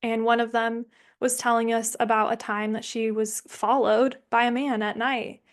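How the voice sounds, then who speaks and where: A young woman leading an online somatics workshop over a video call, speaking casually and candidly, swearing freely and thinking aloud with pauses. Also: fairly high pitch, flat delivery.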